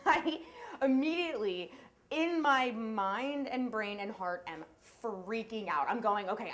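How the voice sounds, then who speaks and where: A young woman with a high voice tells her own story at a live storytelling event. Her delivery is animated and breathless, with quick laughs between the lines.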